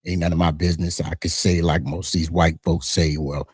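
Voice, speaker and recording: A man's voice: low-pitched, fairly quick, husky, no echo, clean studio sound. A middle-aged man from the United States, hosting his own channel with casual, emphatic commentary that often restarts mid-sentence. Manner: animated, emphatic, frequent restarts. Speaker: channel host.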